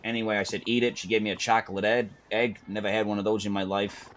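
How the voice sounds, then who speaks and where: A man's voice: lowish voice, fast talker, a little hiss or hum. A man playing a character in an online roleplay game, telling a wild story with lots of swearing and acted-out quotes. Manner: animated, profane storyteller who acts out quotes.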